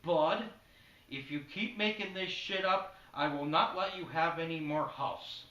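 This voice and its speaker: A man's voice: a little high, unhurried, pushed and bright. A man voicing a foul-mouthed, paranoid middle-aged sitcom father who snaps profane outbursts, heard in an echoey room from a distant mic. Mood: gruff.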